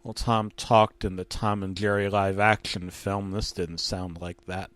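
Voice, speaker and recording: A man narrating a comedic creepypasta in a deadpan, mock-serious horror tone. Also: deep voice, unhurried, few pauses, no room sound.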